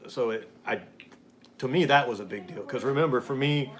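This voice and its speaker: American dude hosting a chatty stream, reads comments out, laughs a lot. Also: male voice, medium pitch, moderate pace. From United States. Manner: reads viewer comments aloud, laughs often. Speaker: podcast host. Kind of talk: casual live-stream chat.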